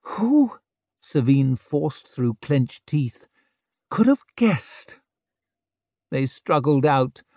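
A man narrating an audiobook in a measured, wry storytelling manner. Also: medium pitch, dark tone, dry recording, studio quality.

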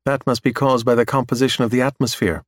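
Calm male robot explorer for a sci-fi audiobook, read by a man, measured and dry, middle-pitched. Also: no room sound, lightly acted. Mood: reasoning. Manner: measured, reasoning aloud.

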